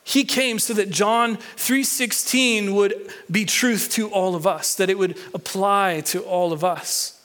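A man's voice: sits high, fairly even intonation, measured pace, few pauses, a bit bright. A man preaching a sermon as pastor, talking conversationally, repeating key lines and restarting words, and leading the congregation in reading aloud. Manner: leads the congregation in reading and call-and-response.

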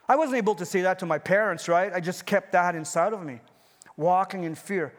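Male pastor in his fifties with a high voice, preaching earnestly in a church with long reverb. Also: fairly quick. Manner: earnest, personal preaching with repeated phrases. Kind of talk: sermon.

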